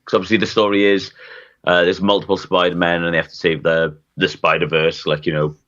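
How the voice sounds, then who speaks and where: Very deep-voiced laid-back man. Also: level tone, a little fast, a bit bright, highs cut off. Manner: laid-back, hesitant, many fillers. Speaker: podcast co-host. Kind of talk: casual podcast chat.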